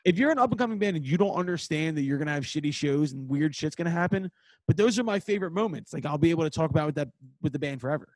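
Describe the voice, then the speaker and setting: A man's voice: a little high, lively intonation, rapid-fire, no echo, low-quality recording. A man hosting a podcast in casual chat, laid-back and swearing freely as he tells band stories. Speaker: podcast host and band member.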